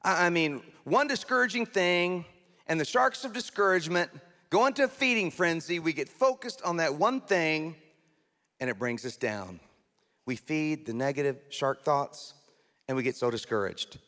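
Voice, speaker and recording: A man preaching a sermon as a pastor, lively and conversational, often slipping into mock voices and asides. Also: on the high side, normal speed. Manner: animated, acts out mocking voices, conversational asides. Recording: long hall reverb.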